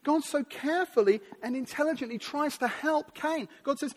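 Emphatic high-voiced male preacher in a reverberant hall. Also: moderate pace, few pauses. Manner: emphatic, animated preaching with dramatic drops and rises. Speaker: pastor. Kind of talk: sermon.

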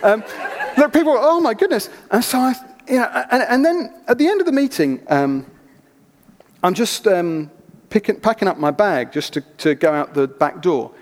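A man preaching a sermon, telling stories in an animated, chatty way with asides. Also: sits high, moderate pace. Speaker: pastor. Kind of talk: sermon with storytelling. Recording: reverberant church hall.

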